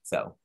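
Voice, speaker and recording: A man hosting a casual chat show, chatty and quick to giggle as he leads each segment. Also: slight background noise. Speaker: podcast host.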